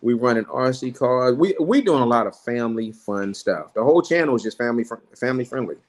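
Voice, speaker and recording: A man's voice: medium pitch, fast talker, a little hiss or hum. Guy on a stream panel, casual and grateful, keeps coughing. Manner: animated, exclaiming, grateful. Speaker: panel guest, channel owner. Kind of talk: casual chat.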